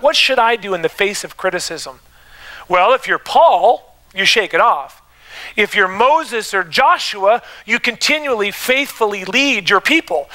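Bright high-voiced man preaching. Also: low-quality recording. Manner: preaching with rising emphasis and calls to the congregation. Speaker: pastor. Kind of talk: sermon. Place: church sanctuary.

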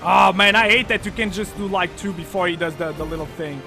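A man commentating his own gameplay on a live stream, thinking aloud with lots of fillers and breaking into loud, excited shouts. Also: sits high, fairly quick, gravelly, faint music behind. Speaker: game streamer.

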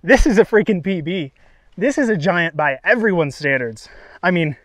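A man's voice: high voice, expressive, normal speed, a bit bright. A young man vlogging his fishing outdoors on a riverbank, breathless and exclaiming in disbelief. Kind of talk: excited outdoor vlog commentary.

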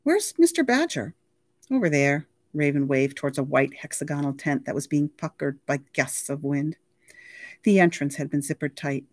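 Lady reading a book out loud for the library, low voice, dry sound. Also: level tone, normal speed, no echo. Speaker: library reader. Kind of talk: reading a novel aloud.

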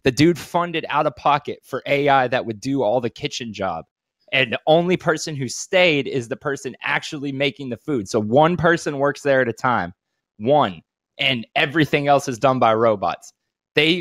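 A man's voice: mid-range voice, moderate pace, no room sound, clean studio sound. A man co-hosting a casual podcast, telling stories animatedly, swearing often and acting out voices. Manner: animated storytelling, swears a lot, acts out voices. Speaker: podcast co-host. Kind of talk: casual chat.

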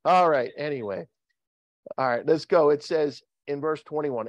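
This church sermon, recorded dry over a video call, features a pastor talking at normal speed. Full of jokes and questions for the congregation, his delivery rises and falls with lively pitch changes.

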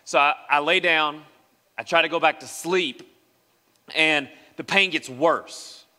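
A young man from West Tennessee, preaching as a pastor and telling a personal story in an animated way, acting out the voices of the people in it. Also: fairly high pitch, slow. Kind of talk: sermon storytelling. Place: church sanctuary. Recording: long reverb of a church hall.

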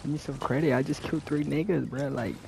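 A man's voice: fairly high pitch, steady tone, fast talker, creaky, dark tone. A young man chatting casually while gaming, slangy and boastful, rambling through stories. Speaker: gamer. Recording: noisy online voice chat.

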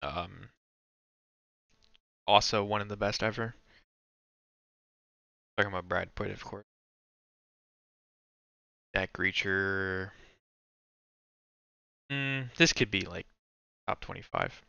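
Rambling man with a bright, crisp voice. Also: low-pitched, slow pace, long pauses, no room sound, highs cut off. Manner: rambling, swearing, self-talk. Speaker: movie ranking streamer. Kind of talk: casual thinking-aloud commentary.

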